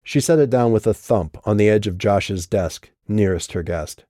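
Low male audiobook reader, mellow, dry close mic, measured delivery. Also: no room sound. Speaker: audiobook narrator. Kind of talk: scripted narration.

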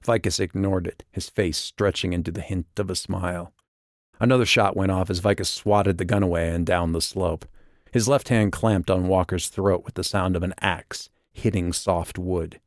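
A man narrating an audiobook in a measured, steady way. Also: low-pitched, no room sound, studio quality. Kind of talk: scripted narration.

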